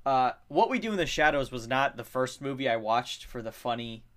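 A man's voice: medium pitch, animated, fairly quick, a bit bright. A man co-hosting a podcast, telling stories in a rambling casual way with lots of filler and some swearing. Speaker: podcast co-host.

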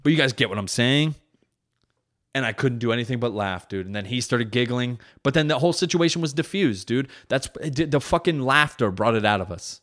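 A man's voice: mid-range voice, animated, fairly quick, fairly bright tone. A comedian and podcast host, a father, telling a rambling story in casual, profane, self-correcting chat.

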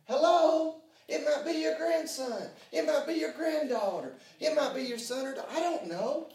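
A man preaching a sermon. He swings from hushed prayer to loud shouting and fills his talk with "hey, man" and "uh". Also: very high-pitched, animated, moderate pace, distant mic. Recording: echoey room, voice from off mic.

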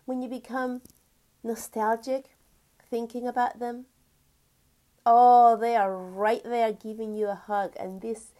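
A woman giving a spiritual teaching talk, gentle and earnest, stretching key words and sometimes dropping to a whisper. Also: on the high side. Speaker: spiritual teacher and energy healer.

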